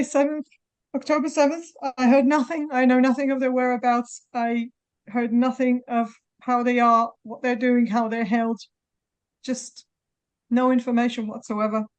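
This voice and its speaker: A woman, a mother of hostages making an emotional, halting appeal at a press conference, near tears. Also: a little high, darkish tone. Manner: halting, many pauses and restarts.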